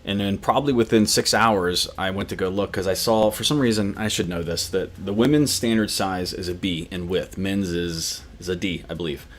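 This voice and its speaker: Male host in his forties, deep-pitched, loose chatty delivery to a live audience. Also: normal speed, few pauses. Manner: rambling, chatty, talks to viewers directly. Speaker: running channel host. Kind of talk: casual livestream chat.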